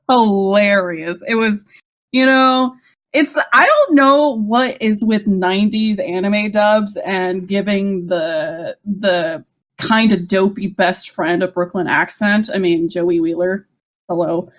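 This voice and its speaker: Slow-talking laughing woman podcaster. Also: medium pitch. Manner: laughing, swearing, rambling recap. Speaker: podcast co-host. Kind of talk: casual rewatch chat.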